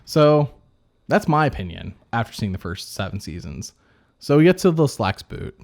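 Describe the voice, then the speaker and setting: A man's voice: mid-range voice, big pitch swings, normal speed, vocal fry, darkish tone. A man co-hosting a podcast, talking in a rambling way with many fillers and restarts. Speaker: podcast co-host. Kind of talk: casual chat.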